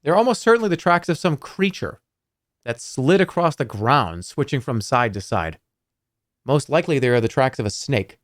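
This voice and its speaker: Expressive male streamer narrating a text game: animated delivery, dry close sound. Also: medium pitch, normal speed, dry recording. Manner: lively, playful and expressive. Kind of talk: reading game text aloud and commenting.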